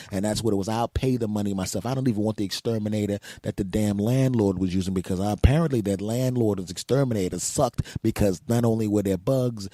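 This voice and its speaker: A man hosting a podcast, telling comic stories in an animated way, acting out voices and swearing often. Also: on the low side, no echo, studio quality. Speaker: podcast host. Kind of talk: comedic storytelling monologue.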